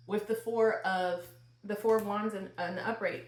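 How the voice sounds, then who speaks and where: A woman's voice: mid-range voice, fairly even intonation, moderate pace. A woman giving a channeled tarot reading, asking questions aloud and exclaiming. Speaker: tarot reader. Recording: roomy with faint noise.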